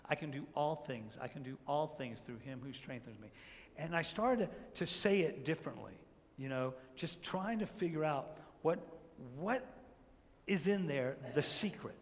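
A man preaching a sermon as pastor, swinging between hushed, drawn-out emphasis and loud, rising peaks, with repeated phrases and rhetorical questions. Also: fairly high pitch, expressive, in a large hall, a little hiss or hum.

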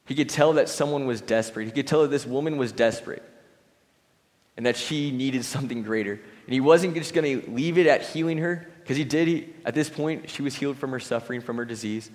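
A young man preaches a sermon in a relaxed, conversational tone, now and then slipping into short acted-out voices. His voice sits at a middle pitch. The sound carries a long reverb from a large hall. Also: fairly quick. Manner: conversational, reads scripture aloud, acts out voices briefly. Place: church hall.

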